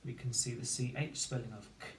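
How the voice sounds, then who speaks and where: A man teaching a phonics lesson to children, slowly and clearly sounding out each word syllable by syllable. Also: mid-range voice, fairly even intonation, slight background noise. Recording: roomy echo, distant mic, faint ambience.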